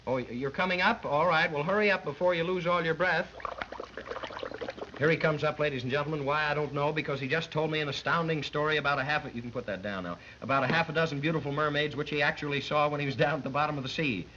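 A man's voice: on the high side, quick pace, pushed and bright. A man acting as straight man and announcer in a 1930s radio comedy, mock-dramatic and chuckling. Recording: muffled old film soundtrack with hiss.

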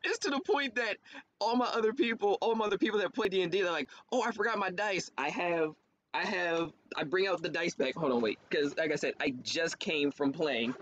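A man, a theater actor, chatting as a guest in a casual interview, animated, laughing often and jumping up in pitch for quoted voices. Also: brisk. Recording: dull lo-fi stream audio with faint hiss.

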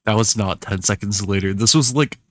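A man's voice: fairly low pitch, a little fast. A young man reacting to his old video, wry and self-mocking, often laughing. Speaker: vlogger. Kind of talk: reaction commentary.

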